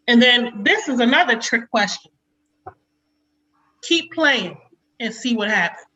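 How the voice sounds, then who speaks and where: A woman in her forties doing a chatty stand-up comedy set over a video call, slipping into sharp quotes of a stern mother. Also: a little high, animated, unhurried, pauses often, muffled recording. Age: 40s.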